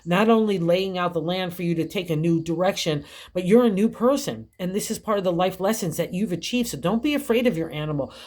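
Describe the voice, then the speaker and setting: A woman's voice: fairly low pitch, a little fast, hardly any pauses, a little mellow. Chatty older woman tarot reader. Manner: chatty, encouraging, laughs often. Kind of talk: tarot reading.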